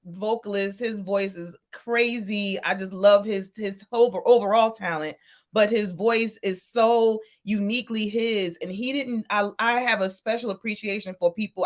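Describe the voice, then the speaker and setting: Chatty, playful woman radio co-host. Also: a little high. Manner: chatty and playful, laughs often; enthusiastic about music. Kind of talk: casual radio chat.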